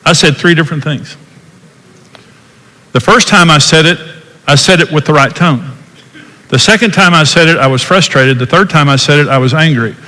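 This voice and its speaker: A man's voice: on the high side, moderate pace, long pauses, sharp tone, in a large hall, rough recording. An older man giving a folksy teaching talk on marriage, repeating himself and acting out different tones of voice.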